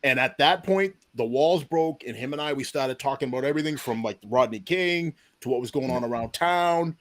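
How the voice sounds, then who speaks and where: A man's voice: medium pitch, fairly quick. A man in his forties telling a long personal story in an interview, acting out the voices of the people in it. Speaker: deputy police chief, podcast guest.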